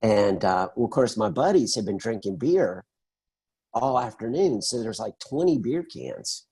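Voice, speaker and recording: A husky middle-aged man with a fairly low voice tells his story over a video call. He is animated and conversational, and he slips into the voices of the people in it as he goes. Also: measured pace, low-quality recording. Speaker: interview guest.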